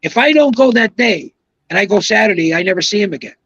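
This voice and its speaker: High-voiced older man telling stories. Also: expressive, quick pace, fairly bright tone, dry recording, highs cut off. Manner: rambling, emphatic anecdotal storyteller. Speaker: guest, retired pro bowler. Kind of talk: casual storytelling on a podcast.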